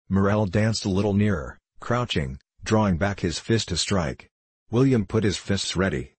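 Deep, husky male audiobook narrator. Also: no echo. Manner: steady, measured storytelling. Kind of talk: scripted narration of a classic novel.

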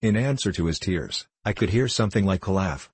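Deep raspy guy reading an audiobook, steady storyteller pace, dead dry booth sound. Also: brisk, no echo. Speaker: narrator. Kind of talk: audiobook narration.

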